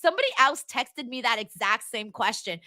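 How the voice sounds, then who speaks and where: A woman's voice: a little high, lively intonation, a little fast, pushed and bright, dry recording. A young woman hosting a live-stream watchalong, chatting casually and giggling as she reads out viewer comments.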